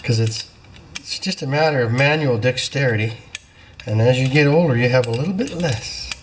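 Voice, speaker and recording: A man with an average-pitched voice chats his way through a small-engine repair in his workshop, explaining each step as he goes. He is easygoing and self-deprecating. Faint clinks of tools and metal parts sit under his voice. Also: moderate pace, background noise. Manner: self-deprecating, apologetic asides. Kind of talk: casual hands-on repair walkthrough.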